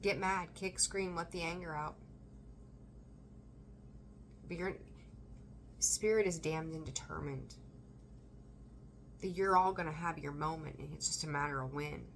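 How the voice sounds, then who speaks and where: A woman reading tarot for her viewers, emphatic and animated, repeating phrases for emphasis and swearing now and then. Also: deep voice, normal speed, pauses often, slight background noise. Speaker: tarot reader. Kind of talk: intuitive tarot reading to camera.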